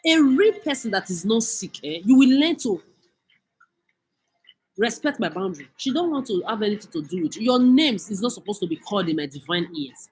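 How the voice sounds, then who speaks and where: A woman's voice: mid-range voice, big pitch swings, brisk, a little mellow, slightly rough, poor audio. Nigerian woman vlogger, furious scolding rant with a lot of swearing. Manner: cursing, scolding, mixes in Pidgin. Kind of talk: angry rant monologue.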